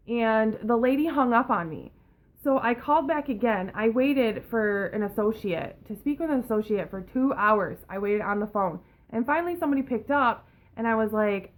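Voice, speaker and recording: A young woman in a casual storytime vlog, telling a story in an angry, profane, animated way. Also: on the high side. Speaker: vlogger.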